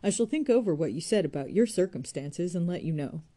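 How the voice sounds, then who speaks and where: A woman's voice: fairly low pitch, expressive, fairly quick, warm tone, lightly acted. A woman reading aloud voices a weary, bitter young man who speaks in a tense, clipped way.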